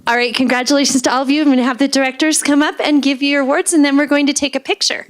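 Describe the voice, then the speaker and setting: A woman's voice: high-pitched, steady tone, racing. A woman emceeing an award ceremony at a board meeting, upbeat as she calls people up. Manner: upbeat, directing people for a photo. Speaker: meeting host presenting awards. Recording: noisy room with chatter.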